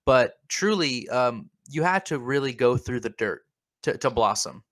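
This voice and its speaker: A man's voice: mid-range voice, animated, measured pace, a bit bright, no echo. Guy cohosting a goofy podcast, rambly and fake-serious, stumbles over words, dry close sound. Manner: rambling, mock-earnest, repeats words. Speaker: podcast co-host. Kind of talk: comedic podcast banter.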